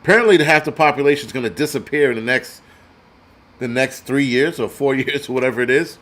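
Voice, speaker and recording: A man's voice: medium pitch, quick pace, fairly bright tone. Crude ranting male prepper host. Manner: reads donor names aloud. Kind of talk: profane live-stream commentary.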